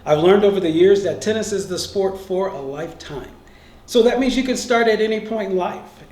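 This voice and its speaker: A man's voice: sits high, a little mellow, reverberant, far from the mic. A man giving an upbeat, encouraging beginner tennis lesson, speaking directly to viewers. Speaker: tennis instructor. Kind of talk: friendly instructional talk to camera.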